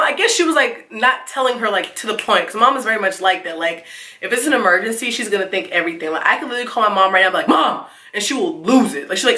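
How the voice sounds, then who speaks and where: Young woman vlogger, bright voice, super animated storytime, echoey room. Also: mid-range voice, fast talker. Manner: animated, acts out quotes with squeals and laughs. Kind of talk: casual storytime.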